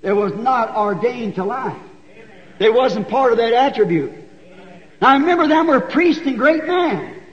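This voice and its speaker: A man preaches in a very high, ringing voice. He tells the story folksy and animated, rising to shouts. The sound is a dull old church tape with a long hall reverb. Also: measured pace. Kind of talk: sermon storytelling.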